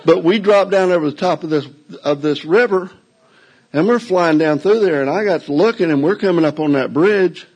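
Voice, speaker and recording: Older guy telling a wild tale to a crowd, husky voice, folksy and joking at himself. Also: fairly high pitch, moderate pace, a little mellow, low-quality recording. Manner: folksy, drawling, self-mocking humor. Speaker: storyteller. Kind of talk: live stage storytelling. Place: indoor venue before a live audience.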